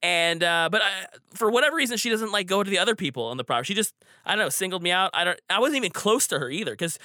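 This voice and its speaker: A man's voice: fairly high pitch, sharp tone, no echo, clean studio sound. A man telling a personal story casually, rambling with frequent restarts and fillers. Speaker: storyteller guest.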